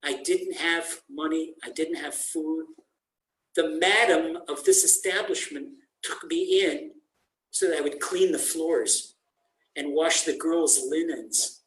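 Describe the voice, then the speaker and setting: Humble shabby old janitor, read by a male teacher, slightly high, echoey room. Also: sing-song, slow, fairly bright tone, heavily acted.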